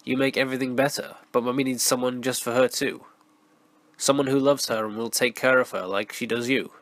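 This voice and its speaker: A hoarse man with a cold voicing a doting mother who soothes her child. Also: medium pitch, fairly even intonation, fairly quick, fairly bright tone, no echo, natural voice. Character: loving single mother, gently reassuring.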